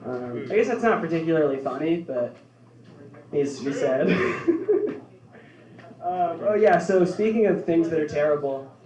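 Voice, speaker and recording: A young man doing a stand-up set in a deadpan way, laughing at his own jokes. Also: on the high side, a little slow, pauses often. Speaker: stand-up comedian. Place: bar social club stage, heard from afar. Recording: echoey club from far off.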